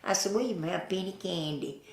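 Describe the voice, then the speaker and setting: The room echoes around an older woman's creaky, fairly low voice as she shares folksy stories for an oral history interview. She has a Southern US accent, takes her time, chuckles often, and performs the voices of those she quotes.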